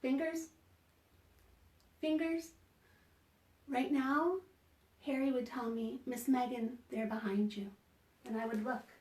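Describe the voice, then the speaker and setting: A high, mellow woman's voice, slow and sing-song as she leads a children's story time from home. Her gentle, encouraging tone is caught by a laptop mic from a distance, so the sound is roomy. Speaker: children's librarian. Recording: roomy home video call audio from a distance.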